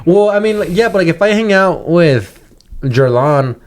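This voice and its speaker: Male comic co-host, slightly high voice, loose and profane. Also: lively intonation, moderate pace, slight background noise. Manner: swears freely, laughs and slips into voices. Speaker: comedian and podcast host. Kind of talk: casual podcast chat.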